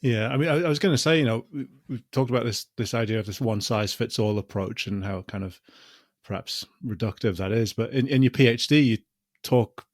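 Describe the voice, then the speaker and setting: A man hosting a podcast, asking thoughtful questions in a measured way. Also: medium pitch, no echo, studio quality. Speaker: podcast host. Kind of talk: casual podcast interview.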